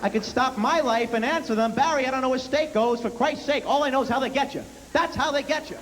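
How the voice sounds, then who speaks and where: A man's voice: very high-pitched, lively intonation, brisk, voice pushed up. A man voicing a paranoid older father with a New York accent, ranting in a whiny, exasperated way. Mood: sarcastic. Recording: reverberant hall with faint hiss.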